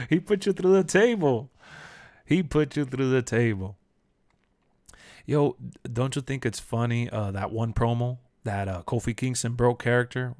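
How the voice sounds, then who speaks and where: A young man chatting casually on a live stream, answering chat in loose slang and bursting into loud shouts when he quotes people. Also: mid-range voice, no room sound, clean studio sound. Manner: animated, jumps to shouts when quoting.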